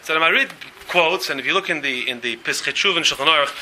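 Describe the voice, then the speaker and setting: A rabbi is teaching a Talmud lesson to a room of students. His voice is very bright and a touch higher than most men's. He speaks emphatically and keeps asking questions of his listeners. There is a faint hiss of noise under him. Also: rapid-fire, poor audio. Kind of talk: Talmud lecture with interjections from students.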